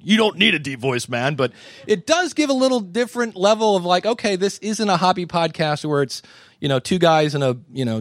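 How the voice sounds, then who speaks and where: A man's voice: a little high, no room sound, studio quality. A man hosting a live conference session, critiquing podcasts in front of an audience with jokes and asides. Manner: animated, joking and wisecracking. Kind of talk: live panel commentary.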